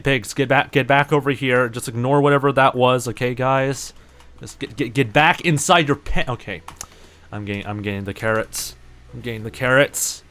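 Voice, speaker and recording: A man's voice: mid-range voice, gravelly, fairly bright tone. A young man with a New Zealand accent and a sore throat, rambling casually with lots of fillers and mock exasperation while streaming a game. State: sore throat and stuffy nose. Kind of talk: casual live-stream chat while gaming.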